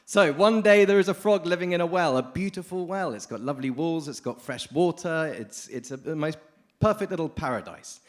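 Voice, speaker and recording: Lively man giving a conference talk. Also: on the high side. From United Kingdom. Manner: lively, informal, addresses the audience. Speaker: conference speaker. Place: conference hall.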